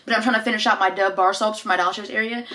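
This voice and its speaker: A woman's voice: mid-range voice, fairly even intonation, rapid-fire, pushed and bright. A young woman vlogging from her bedroom, gushing and exclaiming as she unboxes products, with lots of "like" and "dude". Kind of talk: excited casual unboxing chat. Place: bedroom by a window.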